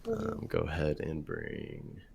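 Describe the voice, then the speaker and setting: A man narrating as game master of a tabletop game, halting with many fillers and restarts. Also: extremely low pitch, wildly swooping pitch, creaky, a little mellow, breathy edge.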